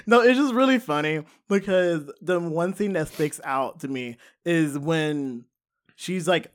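A man's voice: fairly high pitch, a little slow. A man in a casual film discussion, wry and joking.

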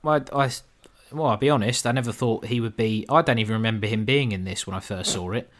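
Male podcast co-host, lowish voice, relaxed chatty film review with jokey asides. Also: fast talker. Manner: laid-back, swears, mimics characters jokingly. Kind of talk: casual film review chat.

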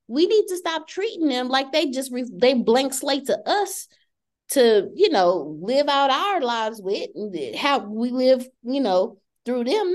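A middle-aged woman hosting a casual podcast chat, telling stories and acting out quoted lines. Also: unhurried. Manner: animated storyteller, acts out quotes in shifting pitch.

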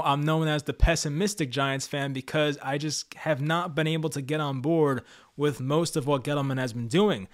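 Blunt opinionated man ranting about football. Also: fairly high pitch. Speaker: sports commentator, Giants fan channel host. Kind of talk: opinionated scripted commentary to camera.

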